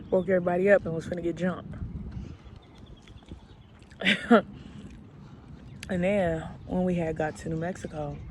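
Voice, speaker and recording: A woman's voice: on the low side, background noise. A woman from Alabama, telling a story in a vlog in a laid-back, slangy, chatty way. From Alabama, US South. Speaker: vlogger.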